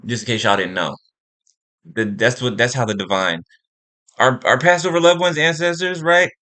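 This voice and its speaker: Emphatic man preaching with a bright tone. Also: mid-range voice, moderate pace. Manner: emphatic, repeats phrases, keeps asking "right?" and "okay?". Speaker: spiritual speaker. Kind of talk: impassioned spiritual monologue.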